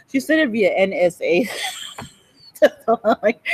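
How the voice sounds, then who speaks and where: A woman's voice: a little high, very animated, takes it slowly, pauses often, husky, poor audio. A woman in her forties talking in a rambling, profane monologue, often breaking into giggles. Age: 40s.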